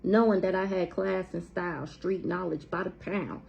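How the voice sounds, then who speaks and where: Gravelly-voiced woman doing a heated tarot reading. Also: lowish voice, fairly even intonation, moderate pace, a little mellow, muffled recording. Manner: blunt, profane, heated. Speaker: tarot reader. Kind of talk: casual tarot storytime monologue.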